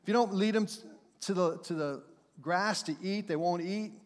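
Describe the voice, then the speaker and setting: This middle-aged man's voice sits high as he preaches at normal speed in a church sanctuary. Talking conversationally as pastor, he puts on playful acted voices and laughs at his own points, with long hall reverb behind him.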